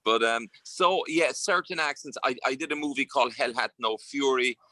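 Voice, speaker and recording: An Irish actor chatting casually as an interview guest, telling relaxed stories with plenty of fillers. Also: male voice, mid-range voice, moderate pace, no room sound. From Ireland. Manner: anecdotal, relaxed storytelling with frequent fillers.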